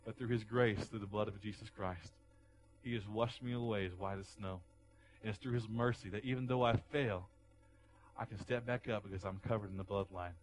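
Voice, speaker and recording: A man preaching a sermon as a pastor, moving between quiet, low passages and loud, raised delivery, often repeating words as he goes. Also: fairly even intonation, fairly quick, slight background noise, low-quality recording. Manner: repeats words and restarts phrases while preaching.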